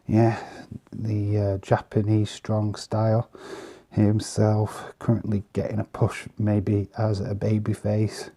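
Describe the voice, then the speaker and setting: A man casually commenting on trading cards in an easygoing, chatty way, pausing often with fillers. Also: fairly low pitch, little pitch movement, gravelly, warm tone. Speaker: vlogger showing trading cards.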